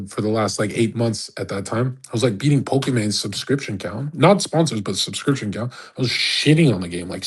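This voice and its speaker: Husky, profane man ranting on stream. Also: medium pitch. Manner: profane, rambling, laughs often. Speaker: livestreamer. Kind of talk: casual ranting monologue.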